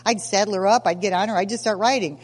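A woman in her sixties telling stories at a recovery meeting, lively and self-mocking, acting out scenes as she goes. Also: mid-range voice, quick pace, slightly rough, long reverb tail. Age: 60s. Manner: animated, self-mocking storyteller who acts out scenes. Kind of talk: personal testimony at a recovery meeting.

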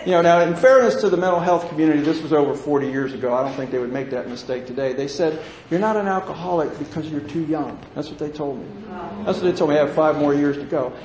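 A man's voice: a little high, fast talker, hardly any pauses, darkish tone, slight background noise. A man in his sixties, plain-spoken and folksy, telling his recovery story to a meeting and livening up when he jokes. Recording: echoey room with faint ambience.

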